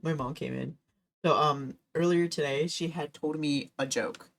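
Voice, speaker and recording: A woman's voice: low voice, steady tone, a little slow, creaky. A young woman streaming, chatting casually and laughing often as she tells stories. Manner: giggly, laughs often while storytelling.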